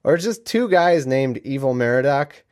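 A man talks loosely at home as the host of his own podcast. He rambles and jokes, breaking off mid-sentence to restart. His voice sits at an ordinary middle pitch. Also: lively intonation, normal speed, a little mellow. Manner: rambling, joking, self-interrupting. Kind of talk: casual livestream chat. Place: home room.

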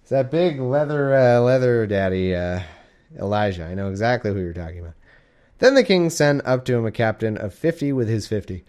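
A sleepy man reads the Bible aloud in a warm room at home, his medium-pitched, darkish voice expressive and moderately paced. The reading is casual and irreverent, broken up by jokes and mock-dramatic voices for quoted lines.

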